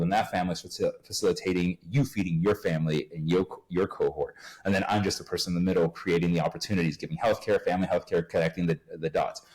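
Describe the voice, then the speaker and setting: A man from Uruguay, a podcast guest, talking with a fairly low voice. He tells his story in a casual, animated way and acts out other people's lines as he goes. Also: low-quality recording.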